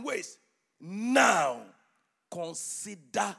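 A man preaching a sermon and reading scripture, emphatic, quizzing the congregation, swinging from shouts to hushed near-whispers. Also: fairly high pitch, big pitch swings, normal speed, husky. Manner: emphatic, call-and-response questions to congregation.

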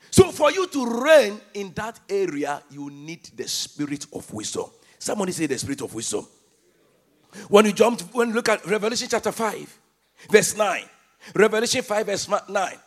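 High, lively, gravelly-voiced shouting preacher. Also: male voice, moderate pace. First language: not English. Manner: call-and-response, shouting emphatic lines. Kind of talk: sermon.

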